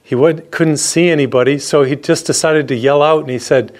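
A man's voice: on the high side, fairly even intonation, fairly quick, hardly any pauses, a little mellow. A middle-aged man, a priest, preaching a radio sermon in an earnest storytelling way, repeating phrases for emphasis.

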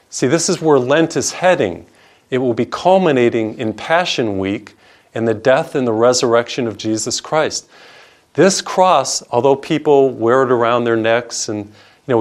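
A man, a priest, preaching a televised sermon in an earnest, emphatic way, stacking up lists of words and dropping soft on tender lines. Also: medium pitch.

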